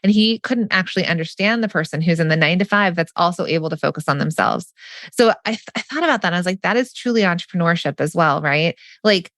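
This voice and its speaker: A woman's voice: lowish voice, animated, fast talker, fairly bright tone, dry recording, studio quality. A woman co-hosting a podcast, chatty and telling stories in casual conversation, laughing easily. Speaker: podcast co-host. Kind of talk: casual interview chat.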